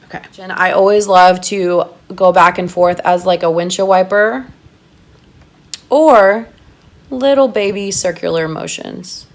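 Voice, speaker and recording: Woman, lowish voice, gushing, chatty makeup tutorial. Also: measured pace. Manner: gushing, excitable, chatty with viewers. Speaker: makeup artist doing a tutorial.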